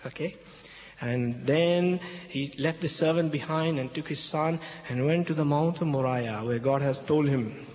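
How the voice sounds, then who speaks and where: Man retelling a bible story to a crowd, kinda high voice, keeps repeating stuff and going "okay?", big echoey hall. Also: unhurried, darkish tone. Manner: emphatic, repeats key phrases, checks in with "okay?". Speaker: Christian speaker addressing an audience. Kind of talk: expository talk retelling a Bible passage. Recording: echoey hall with faint background noise.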